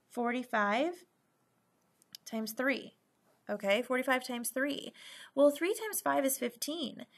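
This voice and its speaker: A woman teaching a recorded math lesson, patiently checking in with frequent "okay?" and slowing down to stress key terms. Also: a little high, a bit bright.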